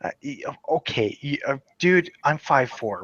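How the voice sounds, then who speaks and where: A man's voice: mid-range voice, animated, unhurried, a bit bright, no room sound. Sweary rambling man on a lo-fi mic. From Western Canada. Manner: sweary, rambling, laughs often. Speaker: channel host. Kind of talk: casual chat.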